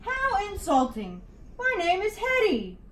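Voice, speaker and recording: A woman's voice: high voice, unhurried, darkish tone, slight background noise. Hetty, a woman doing an insulted monster. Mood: affronted. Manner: affronted, snappy. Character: insulted female monster with a growl. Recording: echoey room, distant mic.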